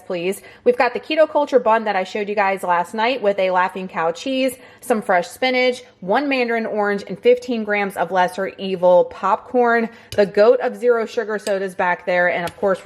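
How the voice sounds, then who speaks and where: A woman vlogging casually to camera about fitness and food, chatty and upbeat, often dropping "like" and "y'all". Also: medium pitch. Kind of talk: casual vlog talking to camera.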